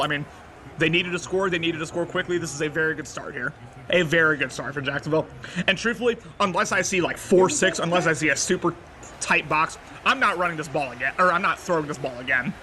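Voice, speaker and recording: A young man giving casual play-by-play commentary of a video game, excitable and bursting into shouts on big plays. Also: on the high side. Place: library. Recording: noisy background.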